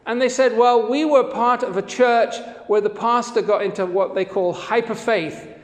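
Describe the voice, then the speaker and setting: A high-pitched man preaching a sermon, earnest and conversational as he works through quoted passages. His voice rings out with a long hall reverb around it. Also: fairly even intonation, normal speed. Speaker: pastor.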